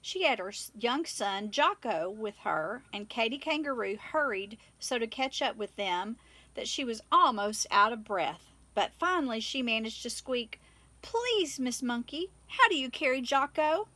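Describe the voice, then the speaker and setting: A woman reading a children's picture book aloud in an expressive, animated way. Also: on the high side, unhurried, dry recording. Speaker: storyteller.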